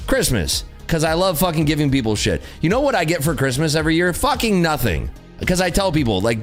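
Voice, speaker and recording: A man's voice: fairly high pitch, very animated, fairly quick, soft background music. A man hosting a trading livestream, ranting in a brash, profane, taunting way. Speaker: livestream host and day trader. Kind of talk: casual livestream rant.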